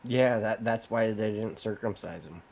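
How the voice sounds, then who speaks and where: A man's voice: on the low side, normal speed, gravelly, darkish tone. A man co-hosting a casual podcast who rambles and swears casually as he jokes. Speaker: podcast co-host.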